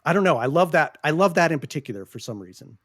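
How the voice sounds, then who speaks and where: The host's voice is fairly high and fairly bright, very animated and fast, recorded at studio quality with no echo. In this casual podcast discussion he speaks earnestly and passionately, swears often, and keeps restarting his sentences while looking for words.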